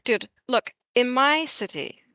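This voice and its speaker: Woman debater, slightly high voice, dry close mic, blunt and profane, lectures over interruptions. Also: lively intonation, slow pace, sharp tone, dry recording. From Arab diaspora. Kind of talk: heated online debate.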